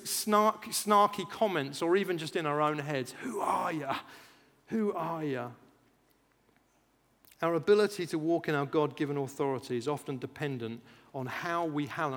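Animated preacher in a reverberant hall. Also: male voice, on the high side. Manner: animated, rises loud for emphasis, acts out chants, laughs at himself. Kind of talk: sermon.

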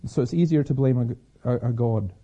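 A man speaks to a crowd about faith, his voice very dark and mellow with a husky edge. He tells stories, often stopping to restart or repeat a word. The recording sounds dull and lo-fi. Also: medium pitch, fairly quick. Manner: storytelling, frequent restarts and repeated words. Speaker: Christian speaker. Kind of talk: public talk with personal stories.

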